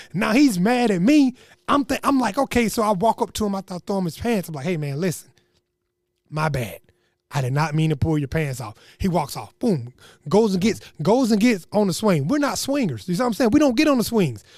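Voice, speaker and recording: A young man telling a comedic story in an animated, slangy way, acting out what people said. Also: extremely high pitch, dry recording, studio quality. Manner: animated, slangy, acts out quotes.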